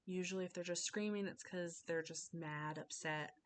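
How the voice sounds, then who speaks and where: A woman's voice: fairly low pitch, steady tone, normal speed, a little hiss or hum. A young woman giving an informal class speech over a webcam, casual and full of fillers and restarts.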